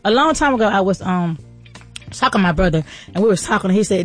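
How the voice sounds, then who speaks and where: A woman's voice: mid-range voice, lively intonation, fast talker, faint music behind. A woman hosting a motivational, faith-based talk show, speaking in a casual, folksy, preacher-like way. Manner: fervent, preacher-like encouragement. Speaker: podcast host and entrepreneur.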